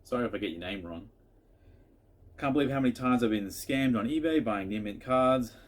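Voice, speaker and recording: A man's voice: mid-range voice, fairly quick. A man in a casual home vlog, answering viewer questions in a chatty, rambling way with frequent restarts.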